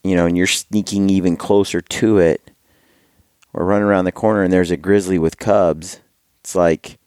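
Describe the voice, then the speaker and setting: A man talking as a podcast guest in a laid-back, slangy way. His voice sits very deep. The recording is dry and close. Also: steady tone, moderate pace, darkish tone, clear, resonant tone, dry recording. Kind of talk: casual podcast chat.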